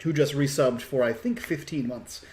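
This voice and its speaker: A man of mid pitch narrates a tabletop game as its game master. He describes the scene in an unhurried way, filling the pauses with ums and uhs. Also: a little mellow. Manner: unhurried, with many fillers.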